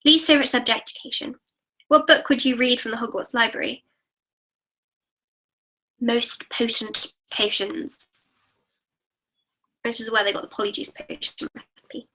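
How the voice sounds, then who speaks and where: A woman's voice: on the high side, moderate pace, pauses often, bright, forceful tone, low-quality recording. A teenage girl, chatty and apologetic, hosting a live-stream Q&A and reading out viewer comments. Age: teens. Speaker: YouTube host.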